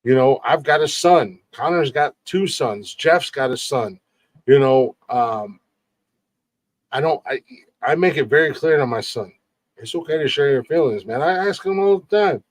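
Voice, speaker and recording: A man's voice: medium pitch, expressive, moderate pace, no echo. Earnest, profane middle-aged male podcast host. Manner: emphatic and profane, often says "man"; earnest, with many restarts and repeated words. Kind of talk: casual podcast talk.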